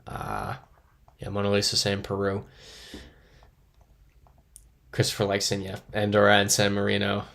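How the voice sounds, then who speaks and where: A man with a low voice and a gravelly edge chats casually through a live stream. He thinks aloud, reads out viewers' comments and pokes fun at himself in an easygoing, unscripted way. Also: completely flat delivery, normal speed, pauses often, fairly bright tone. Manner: thinking aloud, chatty, self-deprecating.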